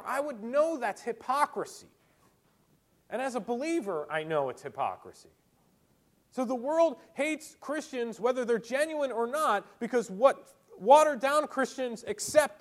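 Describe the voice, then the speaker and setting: A male preacher giving a sermon as an animated storyteller who acts out the people he quotes. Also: very high voice, normal speed.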